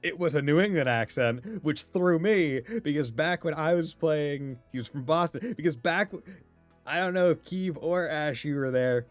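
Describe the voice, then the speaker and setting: A man's voice: on the high side, normal speed, dry recording, soft background music. A man from Massachusetts with a Massachusetts accent, chatting casually and rambling as he streams a game, laughing often. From Massachusetts, USA. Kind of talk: casual chat while playing a game.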